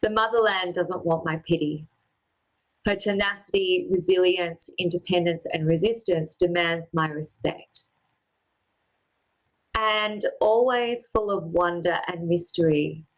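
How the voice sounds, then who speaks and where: A woman performing a personal spoken-word story, with a measured, poetic and deliberate delivery. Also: on the low side, low-quality recording.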